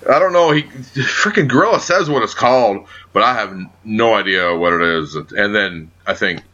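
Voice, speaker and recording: Animated, cursing man on a lo-fi podcast. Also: lowish voice, moderate pace. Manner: profane, animated, ribbing his co-host. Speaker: podcast co-host. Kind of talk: casual wrestling podcast chat. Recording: dull lo-fi audio.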